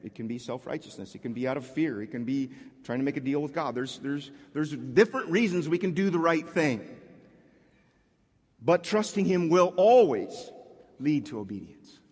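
A man preaching a sermon as a pastor, talking in a conversational way with frequent restarts and animated asides. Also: medium pitch, moderate pace, long pauses, slightly rough, long reverb tail.

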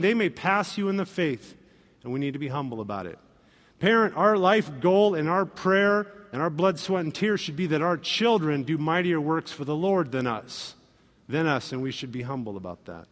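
Male pastor, high voice, animated sermon delivery, reverberant church sound. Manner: animated, acts out quoted voices with humor.

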